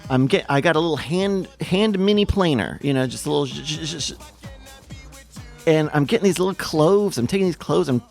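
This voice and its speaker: A man's voice: fairly high pitch, animated, fairly quick, gravelly, darkish tone, soft background music. A man hosting a livestream, calling marble races and drifting into rambling, self-mocking stories full of restarts. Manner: playful, self-mocking storyteller. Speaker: marble race commentator and stream host. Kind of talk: casual livestream race commentary with rambling asides. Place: home streaming setup with a ring light.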